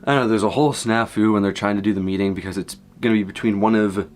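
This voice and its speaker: Working from memory, a young man casually retells a movie's plot as a content creator, swinging between low asides and high exclamations in a rambling, excitable way. His pace is quick.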